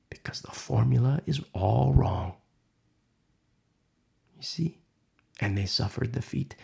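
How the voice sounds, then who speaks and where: A man preaching a sermon, swinging from loud emphatic lines to hushed whispers. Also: mid-range voice, creaky, breathy edge. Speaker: pastor.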